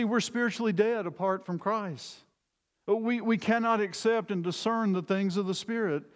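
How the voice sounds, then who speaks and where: A male pastor preaching a sermon in an earnest, emphatic way, often repeating words as he goes. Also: high-pitched. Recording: long reverb of a large hall.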